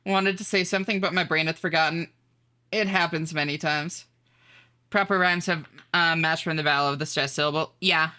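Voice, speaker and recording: A woman streaming live, chatting casually with viewers, reading their messages aloud and greeting them in a high sing-song voice with frequent laughs. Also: steady tone, moderate pace, pushed and bright. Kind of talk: casual chat with viewers while gaming.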